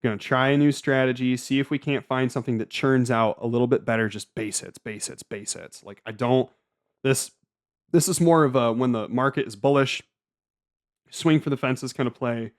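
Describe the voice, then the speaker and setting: Running his trading channel's casual solo recap, a man wanders through his points, often stammering, restarting, and dropping fillers. He talks at medium pitch and a moderate pace.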